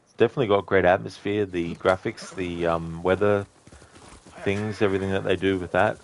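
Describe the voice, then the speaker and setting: A man's voice: sits low, fairly even intonation, fairly quick, slight background noise. A man streaming a video game, answering chat in a chatty, rambling way with fillers. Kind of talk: casual gaming commentary.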